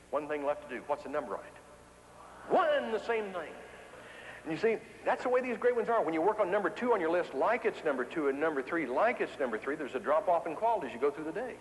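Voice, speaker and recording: Folksy man, motivational speaker on stage; a bit high, with long hall reverb. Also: a little hiss or hum. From Ozarks, USA. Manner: folksy, animated storytelling with repetition for emphasis. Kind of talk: keynote speech to an audience.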